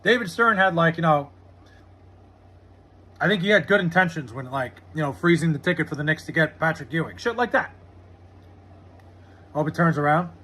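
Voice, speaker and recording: American male streamer, husky edge, sharp bright tone, loose foul-mouthed chatter. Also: on the high side, animated, moderate pace, long pauses. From United States. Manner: loose and profane, lots of "like" fillers. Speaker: live streamer reading chat. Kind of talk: casual rambling chat.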